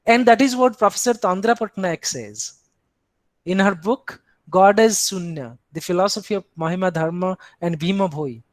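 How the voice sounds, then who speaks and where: A man's voice: high voice, normal speed, no room sound. A man with an Indian English accent giving an academic philosophy lecture, posing rhetorical questions and speaking in the first person for the tradition he explains.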